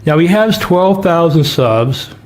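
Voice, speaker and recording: A man's voice: fairly high pitch, animated, takes it slowly. A man hosting a livestream, mocking a clip with sarcastic, profane commentary. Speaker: host.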